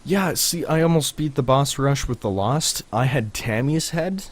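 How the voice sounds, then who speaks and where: A man's voice: medium pitch, animated, unhurried. A man co-hosting a podcast, explaining game mechanics in a chatty, rambling way. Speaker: podcast co-host. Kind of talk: casual gaming chat.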